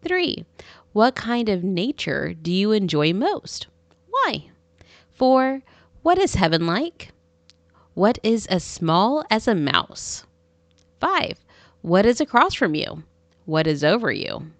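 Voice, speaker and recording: A woman's voice: medium pitch, sing-song, slow, pauses often, no echo. A woman teaching an English lesson, reading numbered examples in a careful drill cadence. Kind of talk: slow, deliberate language lesson reading.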